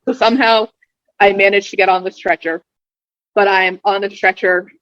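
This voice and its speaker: A woman in her thirties tells a personal story in a casual, animated way. She stumbles over repeated words as she hurries on, and her middle-pitched voice comes through a dull, dry, lo-fi recording. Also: no room sound. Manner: animated, repeats words when rushing, acts out quoted dialogue. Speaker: podcast guest sharing her birth story.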